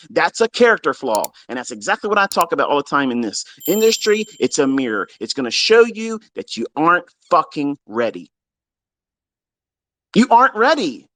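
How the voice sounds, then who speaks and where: A man's voice: high voice, sing-song, normal speed, fairly bright tone, no echo. Guy ranting at his students, cussing nonstop, voice jumps all over the place, dry close sound. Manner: blunt, exasperated, heavy swearing. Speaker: trading mentor. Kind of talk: profane ranting lecture to students. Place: live audio chat room.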